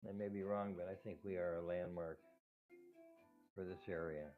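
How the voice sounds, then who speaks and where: A man's voice: low voice, fairly even intonation, moderate pace. Older man with a whistling, tinny voice. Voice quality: whistling sibilants without his dentures. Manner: rambling, with restarts and soft laughs. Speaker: cat rescue owner. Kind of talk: casual talk to camera. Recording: tinny phone-like sound with faint music.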